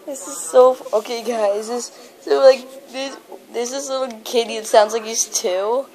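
Giggly high-voiced woman gamer trash-talking. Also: fairly even intonation, moderate pace, a little mellow. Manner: giggly, teasing, trash-talking other players. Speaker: gamer recording online match. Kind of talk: excited gameplay commentary.

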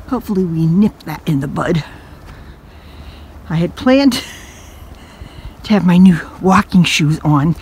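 Older woman, mellow voice, breathless, chatty, faint outdoor noise. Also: mid-range voice. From New England, USA. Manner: chatty, self-deprecating, talks to herself. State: out of breath from hiking. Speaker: vlogger. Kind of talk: casual walking vlog narration. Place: outdoors on wooded hiking trails.

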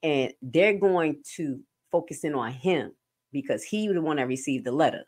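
A woman nurse giving casual, animated commentary on clips as a stream host. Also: sits low, normal speed, husky. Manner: animated, jumps to loud bursts.

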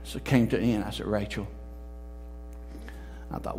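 A man, a pastor, preaching a sermon, telling a story and rising to emphatic, loud peaks. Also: on the low side, steady tone, normal speed, gravelly, pauses often, a little hiss or hum. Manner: storytelling, quoting others in changed voices, rising to emphatic peaks. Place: church sanctuary.

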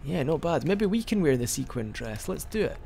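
Gravelly man narrating his gameplay. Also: on the high side, very animated, fairly quick, a little mellow, a little hiss or hum. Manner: rambling, joking, with frequent restarts. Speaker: gaming video host. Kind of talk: casual let's-play commentary.

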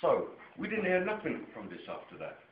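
An English man telling a rambling personal story to camera, heavily profane and excitable, dropping to a mutter one moment and nearly shouting the next. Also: a little high, moderate pace. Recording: echoey room, dull lo-fi camera sound, faint noise.

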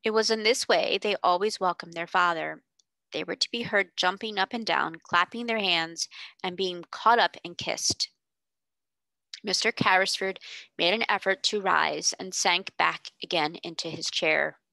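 Woman narrator, clear, steady storybook reading, crisp bright tone, dry close mic. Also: fairly low pitch, unhurried, no room sound. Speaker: reader. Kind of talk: audiobook narration.

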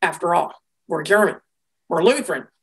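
A woman giving a conversational Bible lecture, telling the story in a lively way with casual asides. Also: lowish voice, moderate pace. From American Midwest.

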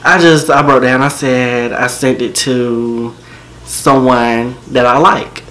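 A man's voice: medium pitch, fairly even intonation, takes it slowly, sharp tone. A man telling a personal story to camera in a casual, slangy, joking way.

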